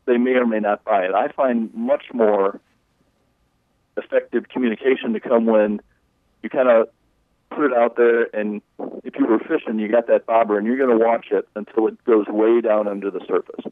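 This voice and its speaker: Over a tinny phone line, a leadership coach with a lowish voice explains his approach in an interview. He's folksy and conversational, acting out quotes from clients in a steady tone at a moderate pace, with no echo.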